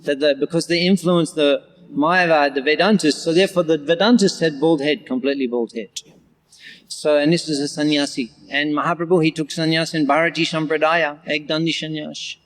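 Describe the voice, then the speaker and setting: A man giving a scripture class. He reads Bengali verse lines slowly, repeats them, and explains each one in English in an animated way. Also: a little high. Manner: animated, with occasional laughter. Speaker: scripture lecturer. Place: large temple hall. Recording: long hall reverb.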